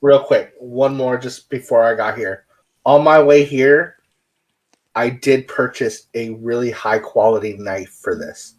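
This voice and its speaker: Brisk, matter-of-fact player man. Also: medium pitch, a little mellow, low-quality recording. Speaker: tabletop game player.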